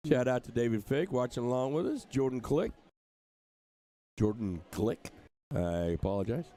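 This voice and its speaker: A man's voice: mid-range voice, animated, a little slow, long pauses, dark tone. An older man from England commentating live on darts, in a chatty, joking way. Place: streaming booth at a dart tournament.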